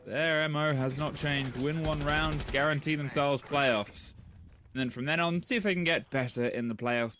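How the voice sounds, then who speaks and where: A man with a mid-range voice gives casual, chatty color commentary on an esports match. He sounds relaxed and laughs easily, with faint noise in the background. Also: medium pitch.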